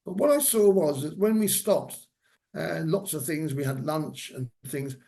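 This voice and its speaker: A man's voice: on the high side, expressive, unhurried, vocal fry, warm tone. Older man telling stories in a lecture. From England. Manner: rambling anecdotal delivery with fillers. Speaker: guest speaker, former hairdresser. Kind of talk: lecture storytelling. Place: senior center lecture hall.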